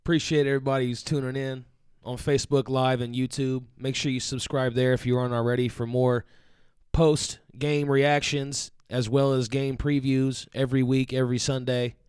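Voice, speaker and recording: A man co-hosting a live fan show, speaking in a measured, calm way and thanking viewers. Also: medium pitch, clean tone, dry recording, clean studio sound. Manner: measured and calm, reads audience shoutouts. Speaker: co-host and producer.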